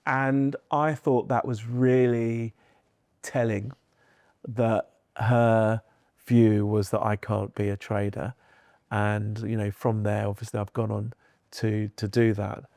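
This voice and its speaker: A man's voice: lowish voice, flat delivery, slow, a little mellow, no room sound, clean studio sound. A middle-aged man from London, a podcast guest who talks earnestly and tells stories with animation. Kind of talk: podcast interview.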